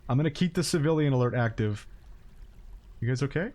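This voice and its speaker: A man giving casual, wry commentary while he streams a colony game, scolding his characters out loud. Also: fairly quick. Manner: wry, talks to his game characters, swings into high-pitched exasperated yelps.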